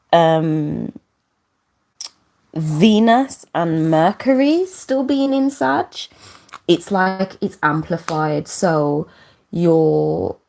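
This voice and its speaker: A woman's voice: fairly low pitch, creaky, a little mellow. A woman hosting a casual live astrology talk, rambling with many fillers and restarts, emotional and close to tears, laughing between points. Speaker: astrology channel host. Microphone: camera.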